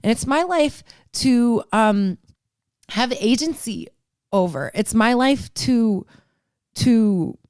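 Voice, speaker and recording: A woman's voice: on the high side, animated, slow, darkish tone, clean tone, dry recording, studio quality. A young woman hosting her own podcast, talking alone in an earnest, rambling way, swearing freely and laughing often. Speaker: podcast host. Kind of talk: casual solo monologue.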